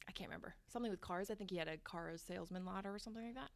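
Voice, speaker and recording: A woman's voice: mid-range voice, rapid-fire, gravelly, dry recording. A woman co-hosting a podcast in casual chat, laughing often as she tells stories. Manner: chatty, laughs often, storytelling. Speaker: podcast co-host.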